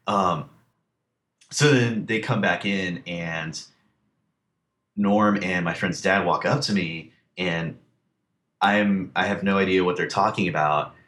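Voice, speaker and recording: Low-voiced man telling a rambling story. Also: takes it slowly, long pauses, a bit bright. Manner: rambling with many fillers, acts out quoted lines. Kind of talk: casual storytelling.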